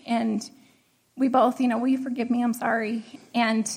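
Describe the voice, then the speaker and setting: A woman's voice: high voice, normal speed, slightly rough. A middle-aged woman telling a personal story in a casual way, laughing often and acting out what was said. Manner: laughing often, animated retelling of dialogue.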